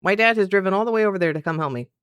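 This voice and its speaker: Woman streamer, chatty and animated, mid pitch, dry close mic. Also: racing, smooth, no room sound. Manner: animated, acts out quoted dialogue. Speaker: streamer and content creator. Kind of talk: casual storytelling chat on stream.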